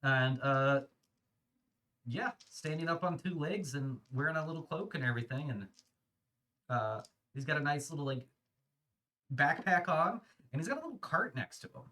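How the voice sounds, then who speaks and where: A man's voice: on the high side, lively intonation, moderate pace, pauses often, sharp tone. A man narrating a tabletop role-playing game as game master, talking loosely with many fillers and laughs. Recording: voice a little far from the mic.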